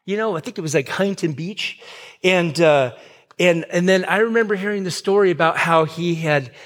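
A man's voice: normal speed, a bit bright. Conversational male pastor preaching. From Southern California. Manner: conversational, many fillers and restarts; acts out quoted lines with pitch swings. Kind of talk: sermon.

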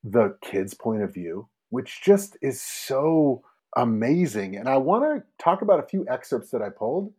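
Man, podcast co-host, husky, mellow, lively pitch, enthusiastic storyteller. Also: a little slow. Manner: enthusiastic, storytelling with quoted voices. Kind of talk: casual chat.

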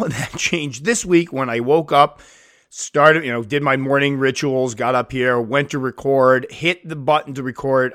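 A man's voice: mid-range voice, a bit bright, no room sound, studio quality. Chatty man hosting a solo podcast. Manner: chatty, self-deprecating, acts out quoted voices. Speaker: podcast host. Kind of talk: casual solo podcast talk.

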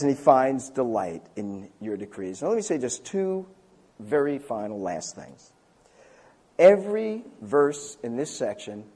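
A man's voice: mid-range voice, darkish tone, breathy edge. An older man preaching a conversational sermon in a church, telling stories with a self-deprecating, chuckling manner. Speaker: pastor.

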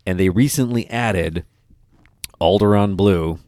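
Deep-voiced enthusiastic podcast host. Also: male voice, measured pace, darkish tone, no echo, studio quality. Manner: enthusiastic, rambling with many restarts. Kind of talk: casual chat.

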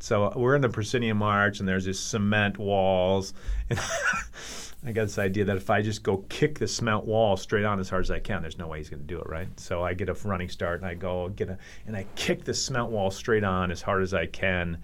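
A man's voice: on the low side, a little fast, fairly bright tone. A middle-aged man from Minnesota telling a story in a profane, laughing way, acting out the other voices. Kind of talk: animated storytelling.

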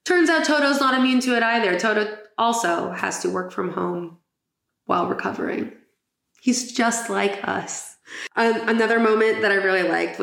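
A woman's voice: medium pitch, vocal fry, fairly bright tone, reverberant. A woman hosting a podcast in casual chat, chatty and giggly with lots of fillers. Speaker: podcast host.

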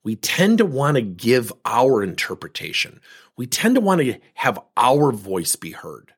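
Male coach host, husky voice with a swinging pitch, animated solo talk. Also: measured pace. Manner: animated, rhetorical questions, acts out quoted voices. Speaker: leadership coach and podcast host.

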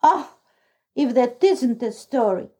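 A deaf old woman who keeps a shabby lodging house, full of sighs and exclamations, voiced by a woman reading the story aloud. She speaks slowly in a soft, mellow tone, pitched a touch high. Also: expressive, breathy edge, exaggerated voice. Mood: gossipy. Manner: exclaiming, throws up her hands. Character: deaf old female lodging-house keeper, gossipy and dramatic.

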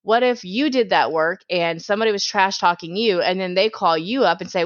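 A woman's voice: fairly low pitch, a little fast, few pauses, no echo. A woman hosting a podcast, giving blunt, preachy advice in a direct way. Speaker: podcast host. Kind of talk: advice monologue. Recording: dull, dry lo-fi sound.

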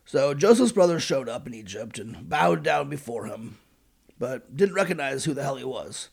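Sarcastic, gravelly male comic narrator. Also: medium pitch, lively intonation, moderate pace. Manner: sarcastic, profane. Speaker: podcast host. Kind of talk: irreverent comedic narration.

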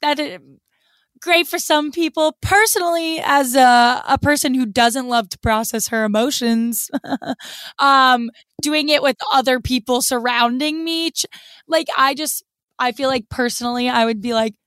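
A woman's voice: high voice, measured pace, a bit bright, clear, resonant tone, no echo. A woman co-hosting a podcast, speaking hesitantly and restarting often in casual chat. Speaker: podcast co-host.

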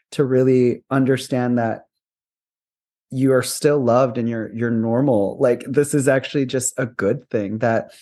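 A man's voice: medium pitch, dark tone. Earnest spiritual male podcast guest. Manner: earnest, spiritual, laughs often, rambling restarts. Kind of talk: conversational interview.

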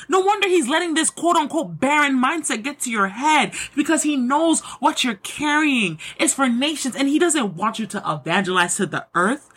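A woman giving an emphatic, excitable devotional pep talk, repeating lines for emphasis and closing in prayer. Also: sits high. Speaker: Christian motivational speaker.

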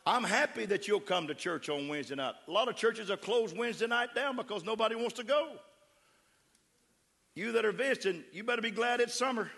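A middle-aged pastor with a West Texas accent delivers a fervent, emphatic sermon in his church sanctuary, calling out to the crowd. His voice sits high and is a little fast, creaky, and a bit bright. The echoey church hall gives the recording a reverberant sound.

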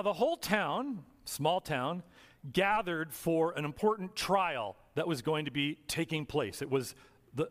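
Preacher guy, slightly high voice, earnest storyteller, long church echo. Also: fairly bright tone. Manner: earnest storytelling, slows for emphasis. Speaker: pastor. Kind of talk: sermon. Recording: long reverb of a hall.

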